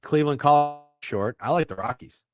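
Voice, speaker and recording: A man co-hosting a casual sports betting podcast over a video call, animated, teasing and swearing a lot. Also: a little high, normal speed. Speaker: podcast co-host.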